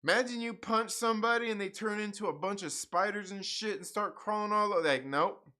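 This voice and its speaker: A man's voice: high voice, brisk, pushed and bright. A man hosting a livestream, rambling in casual profane chat and laughing often. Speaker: livestream host reading comics.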